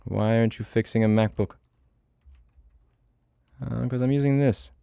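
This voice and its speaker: A man's voice: mid-range voice, fairly even intonation, measured pace, gravelly, mellow, clean tone, no echo. A middle-aged man livestreaming himself coding, in casual, blunt, profane talk, muttering to himself as he works. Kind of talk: casual livestream chat while programming.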